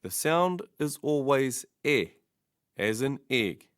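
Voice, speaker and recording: A man giving a scripted pronunciation lesson, saying each word slowly and then repeating it as a model. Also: medium pitch, sing-song, no echo, studio quality. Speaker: language teacher.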